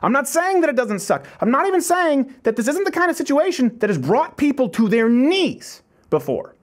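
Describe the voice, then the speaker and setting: A male talk show host giving an emphatic pep talk. His voice sits high for a man and swings widely in pitch as he drives home his points on a studio mic. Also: big pitch swings, moderate pace. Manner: emphatic, pep-talk delivery with repeated phrases. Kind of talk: motivational monologue.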